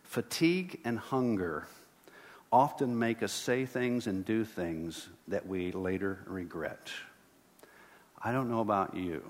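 A man's voice: fairly low pitch, takes it slowly. A middle-aged man preaching a sermon as pastor, earnest and building to emphatic repeated lines. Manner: earnest, rising to emphatic repetition. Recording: long hall reverb.

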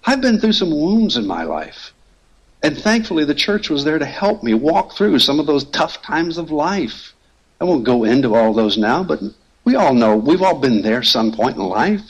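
A man's voice: fairly high pitch, sing-song, moderate pace, husky, rough recording. A man preaching a sermon as pastor, earnest and emphatic, hammering home key phrases through repetition.

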